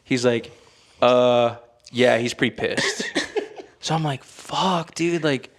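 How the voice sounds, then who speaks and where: A young man, telling a story on a podcast in an animated way with lots of fillers, acting out quotes. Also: mid-range voice, slow pace. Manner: animated, heavy filler words, acts out quotes. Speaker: podcast co-host. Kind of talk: casual storytelling.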